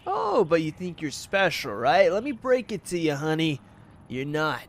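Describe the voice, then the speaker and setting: A man's voice: fairly high pitch, huge pitch swings, moderate pace. A man voicing a cruel, controlling talent manager, bullying and scolding while reading game dialogue aloud. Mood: contemptuous.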